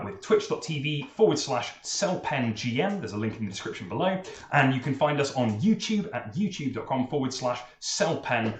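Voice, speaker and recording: Enthusiastic male game master, echoey room. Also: medium pitch. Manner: enthusiastic, with frequent fillers. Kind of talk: narrating a tabletop game.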